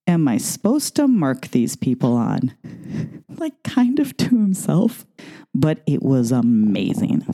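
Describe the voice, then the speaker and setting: A middle-aged woman with a rumbling low, mellow voice, she coaches ballroom dance. She talks casually in a chatty, rambling monologue packed with asides.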